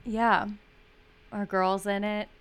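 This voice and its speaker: A woman's voice: mid-range voice, smooth. A woman co-hosting a podcast, casually leading the talk about movies with easy laughs. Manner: relaxed, leads topics, quick laughs. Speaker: podcast co-host.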